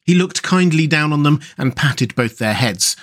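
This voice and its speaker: A man hosting a story podcast and narrating a classic children's novel in a measured, gentle read-aloud manner. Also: fairly high pitch, expressive. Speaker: host and storyteller.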